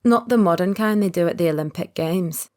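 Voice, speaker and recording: A reserved man in his early thirties, guarded and soft-spoken in an audiobook romance, as a woman narrator reads him. The voice sits low and is steady, without theatrics. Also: lightly acted. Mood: quiet, earnest. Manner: quiet, guarded, opens up slowly. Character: reserved thirty-one-year-old man, secret agent. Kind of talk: audiobook character voice.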